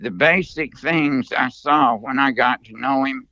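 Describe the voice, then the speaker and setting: Older guy telling an old story, bright clear voice, dry kinda dull sound. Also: medium pitch, no room sound. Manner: slow, earnest storyteller. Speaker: interview guest. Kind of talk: storytelling interview.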